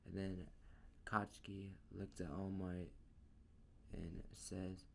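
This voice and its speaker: A man tells a fan story in a slow, unhurried ramble, his low voice rough with fry. He strings events together loosely with plenty of "and" and "like". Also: level tone, fairly bright tone. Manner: rambling, casual, drawn out. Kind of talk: casual fan-story narration.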